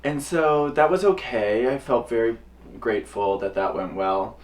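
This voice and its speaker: An animated young man, a drag performer, tells a personal story to camera in a casual, lively way. His voice sits at a mid pitch and leaps high when he acts out what others said. He sounds a little distant from the mic. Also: unhurried.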